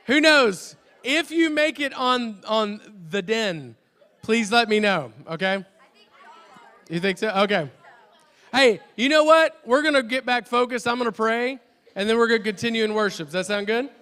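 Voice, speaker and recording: Bright-voiced youth pastor man, hall echo. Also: very high-pitched, expressive, moderate pace, a faint crowd. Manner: chatty, restarts often, jokes self-deprecatingly. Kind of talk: youth service announcements and prayer. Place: church youth service hall. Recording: reverberant hall.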